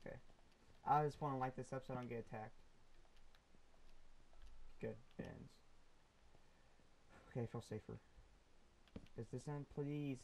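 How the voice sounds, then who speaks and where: A man's voice: medium pitch, steady tone, measured pace, gravelly, long pauses, darkish tone, slight background noise, rough recording. A young man casually narrating a Minecraft session, rambling to the viewers and to the mobs with lots of ums. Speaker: gaming YouTuber. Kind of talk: casual Minecraft let's play commentary.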